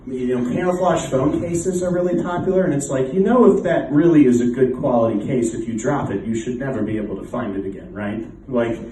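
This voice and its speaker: A man's voice: mid-range voice, brisk, hardly any pauses, dark tone, slight background noise. An American man performing a stand-up comedy set in a club, telling stories in a dry, self-deprecating way. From United States. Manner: dry, self-deprecating storytelling with quoted exchanges. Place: comedy club in front of a live audience. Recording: roomy club sound from a distant mic.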